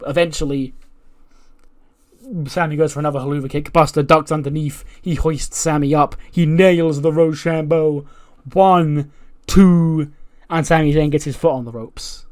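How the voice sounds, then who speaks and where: Man calling simulated wrestling matches. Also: fairly high pitch. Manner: lively play-by-play, with asides and swearing. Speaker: let's play host. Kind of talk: narrating a simulated wrestling show.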